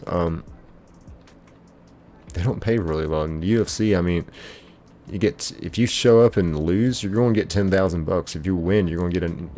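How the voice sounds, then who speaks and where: Laid-back young man chatting on a livestream. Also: low-pitched. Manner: laid-back, chatty, greets viewers warmly by name. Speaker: livestream host. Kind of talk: casual live-stream chat, reading viewer comments.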